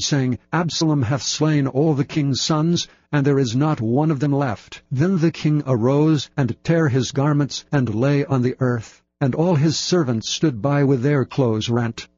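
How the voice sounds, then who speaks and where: A man giving a measured, solemn scripted reading of Bible passages. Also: medium pitch, darkish tone, no echo, highs cut off. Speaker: scripture reader.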